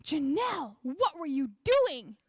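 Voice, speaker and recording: A man's voice: very high-pitched, big pitch swings, slow, a little mellow, slight background noise, voice pushed up, exaggerated voice. A woman voicing a fretful male priest friend, anxious and drawn out as he scolds her.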